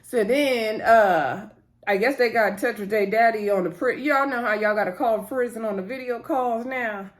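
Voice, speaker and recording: This woman's voice runs on the high side at a moderate pace. Vlogging casually about a TV episode, she rambles, addresses her viewers head-on, and keeps interjecting "so anywho."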